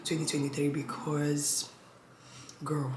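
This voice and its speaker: A young woman, heavily pregnant, chatting casually to camera as a vlogger, lively and at times sinking into tired near-whispers. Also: low-pitched, slow pace. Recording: echoey room with audible noise.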